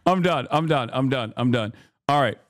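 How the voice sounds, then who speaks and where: A man in his thirties casually commenting on a live stream, talking loosely with restarts and reading headlines aloud quickly. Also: mid-range voice, no echo, studio quality. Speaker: streamer reacting to news.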